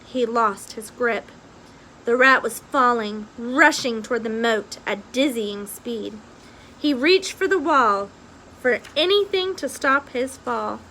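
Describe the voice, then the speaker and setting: A woman's voice: a little high, bright, forceful tone, a little hiss or hum, low-quality recording. A woman reading a children's novel aloud with expression, after a casual recap. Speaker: reader.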